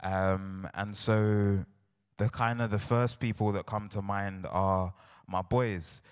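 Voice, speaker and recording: Young man, South London accent, spoken word poet, slow and low delivery, playful crowd banter. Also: steady tone, clear, resonant tone. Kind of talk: spoken word poetry performance. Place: large hall on stage with audience. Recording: live hall recording with long reverb.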